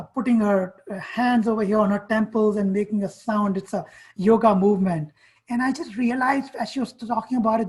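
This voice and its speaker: A woman with a fairly high voice leads an online workshop on college essays. She talks directly, firing off questions and commands at the students as she goes. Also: a little mellow, low-quality recording.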